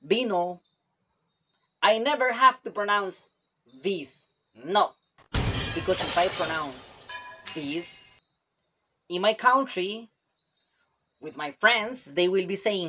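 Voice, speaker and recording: A man's voice: high voice, lively intonation, slow, pauses often, bright, forceful tone. A man from Costa Rica, a native Spanish speaker, giving a casual language lesson in English with a Costa Rican Spanish accent and loose, chatty, proud phrasing. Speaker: language teacher.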